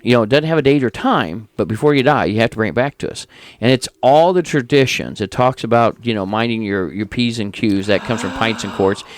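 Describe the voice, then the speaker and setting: Low-voiced rambling midwestern man. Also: fairly quick. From Indiana. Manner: tangent-prone, animated anecdotes with quoted voices. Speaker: podcast co-host. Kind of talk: rambling casual chat, storytelling.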